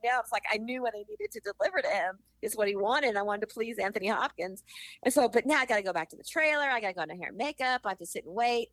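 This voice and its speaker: A middle-aged woman, an actress and author, telling animated stories in an interview and acting out the people she quotes. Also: on the high side, dry recording. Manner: animated storyteller, acts out quotes. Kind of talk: interview conversation.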